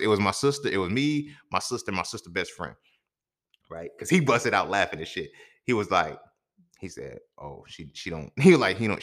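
A man's voice: sits low, sharp tone. A young man hosting a podcast, telling a personal story in a loose, profane, conversational way, often checking in with the listener. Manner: loose, profane, conversational with frequent "you feel me". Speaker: podcast host. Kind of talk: casual storytelling monologue.

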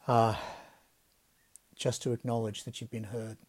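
A man hosting a devotional podcast, speaking in a gentle, reflective way that often drops to soft, quiet phrasing. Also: medium pitch, little pitch movement, a little slow, long pauses. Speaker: podcast host.

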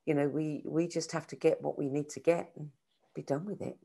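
Low-voiced encouraging woman host. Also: steady tone, brisk, vocal fry, breathy edge. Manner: warm encouraging, reflects back what the guest said. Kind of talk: casual conversation.

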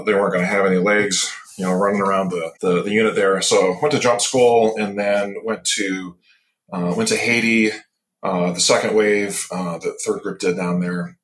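A low-pitched man in his fifties from Michigan chats as a podcast guest. He tells his stories in a relaxed, rambling way, pausing often with fillers and restarts. The recording is roomy, with a noticeable echo. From Michigan, USA. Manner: relaxed, rambling storytelling with many pauses and restarts. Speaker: guest, tropical medicine specialist. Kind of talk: casual interview chat.

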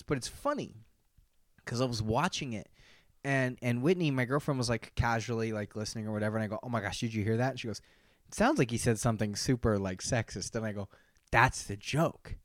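A man's voice: medium pitch, no echo, clean studio sound. A young man co-hosting a podcast, chatting casually and animatedly with lots of fillers and laughs. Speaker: podcast co-host. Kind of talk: casual chat.

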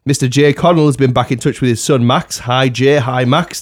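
A man's voice: mid-range voice, moderate pace. A man hosting a casual podcast, reading out listener messages and laughing often. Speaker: podcast host.

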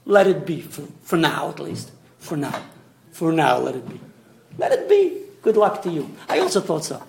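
A rabbi leads a small Torah class in an echoey room. His voice sits high for a man and swings widely in pitch as he explains. He often restarts and tosses in asides. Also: normal speed, creaky, noisy background. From Australia. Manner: animated, stop-start explaining with many restarts and asides.

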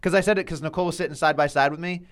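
Man, podcast co-host, rapid-fire, slightly raised voice, swears a lot, blunt rants. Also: a little high, steady tone, a bit bright. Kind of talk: casual wrestling chat.

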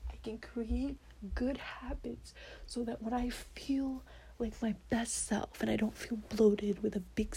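A young woman with a mellow, slightly gravelly voice speaks earnestly to camera about her personal goals. She keeps slipping into a half-whisper, repeating affirmations to herself, with a faint hiss of background noise underneath. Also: fairly high pitch, rough recording. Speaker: vlogger. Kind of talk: personal goal-setting talk to camera.

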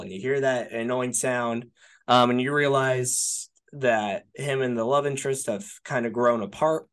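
A man's voice: mid-range voice, steady tone, normal speed, fairly bright tone, clear, resonant tone. A man chats loosely about a movie on a podcast. His sentences wander and restart, and nearly every phrase is padded with "like" or a checking "right?". He drops in a casual curse now and then. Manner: rambling, peppers speech with "like" and "right?"; swears casually. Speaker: podcast co-host. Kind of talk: casual film discussion.

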